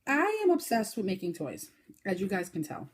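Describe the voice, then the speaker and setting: A woman hosting a casual crochet podcast, talking fast and chatty, showing her projects with lots of fillers. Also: wildly swooping pitch, husky. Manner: chatty, fast-talking, with fillers and sudden high baby-talk bursts. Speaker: podcast host.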